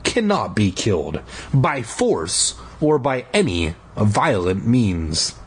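A man's voice: fairly low pitch, big pitch swings, takes it slowly, husky, full character voice. A man voicing an earnest, bookish young boy who reads aloud and makes urgent demands.

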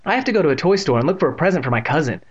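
A man's voice: fairly high pitch, big pitch swings, racing, slightly rough, muffled recording, voice pushed up. A man reading aloud and voicing a bold, teasing young girl who speaks bluntly and playfully.

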